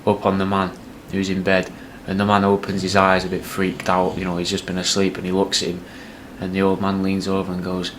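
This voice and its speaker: A man casually pitching a sketch idea, rambling with hesitant restarts. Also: monotone, brisk, hardly any pauses, noisy background. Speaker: comedy podcast host.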